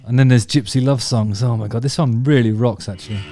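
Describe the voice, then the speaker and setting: A man's voice: medium pitch, steady tone, fairly quick, over music. A man chatting casually about favourite songs, rambling and enthusiastic, with many ums and restarts. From England. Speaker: vlog host talking about music.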